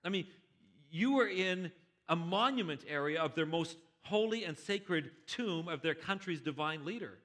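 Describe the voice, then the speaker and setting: A man's voice: a little high, lively intonation, moderate pace, fairly bright tone. A man voicing an exasperated male diplomat who patiently explains things, with stammered restarts.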